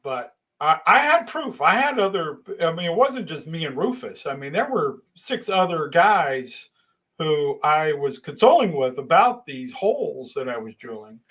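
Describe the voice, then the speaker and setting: A middle-aged man tells a rambling story in a casual monologue. His voice sits a little high for a man. He swings between conspiratorial hushed asides and sudden loud, animated bursts.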